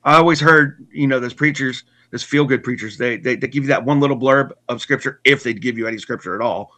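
Earnest man with a bright voice. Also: medium pitch. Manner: earnest, halting with restarts and repeats. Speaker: guest telling his testimony. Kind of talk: personal story in conversation.

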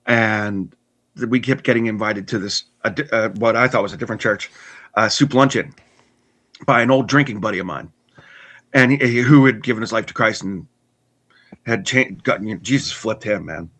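A man earnestly telling his personal story in conversation, halting with restarts and repeats. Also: on the low side, fairly bright tone. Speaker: guest telling his testimony.

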